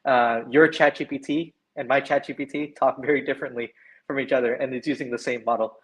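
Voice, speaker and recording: A husky, fairly bright mid-range voice belongs to a Canadian man on an online panel, talking a little fast with fairly even intonation. He explains at length and keeps checking in with "right?", all through poor video-call audio.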